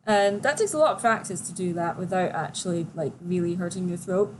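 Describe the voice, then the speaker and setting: A woman's voice: on the low side, brisk, noisy background. Chatty young woman livestreamer. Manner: chatty, reads chat questions aloud. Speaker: livestream host. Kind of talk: casual livestream chat.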